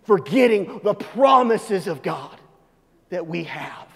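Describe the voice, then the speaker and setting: A male pastor preaching a sermon, swinging from hushed, low asides to loud, emphatic proclaiming. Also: sing-song, slow, gravelly, long reverb tail.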